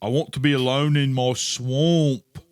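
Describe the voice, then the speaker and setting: A man doing a gruff Scottish ogre. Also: medium pitch, fairly even intonation, a little slow, dry recording, studio quality, pitched above the performer's own voice, lightly acted. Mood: sulky. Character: grumpy ogre man wanting solitude.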